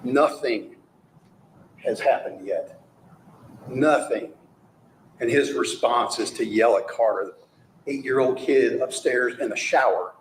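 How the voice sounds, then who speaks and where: A man giving a courtroom closing argument to a jury, forceful and rhetorical, often mocking the words of the accused. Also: mid-range voice, measured pace, reverberant, slight background noise, poor audio. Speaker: prosecutor.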